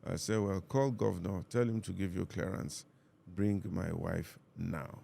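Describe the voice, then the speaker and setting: Nigerian male pastor, very low gravelly voice, calm measured storyteller. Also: slight background noise. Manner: calm, measured, reenacts dialogue. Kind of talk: reflective storytelling in conversation.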